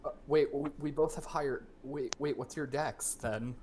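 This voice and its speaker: A player in a tabletop game, lively and checking rules out loud. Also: medium pitch, normal speed, slight background noise.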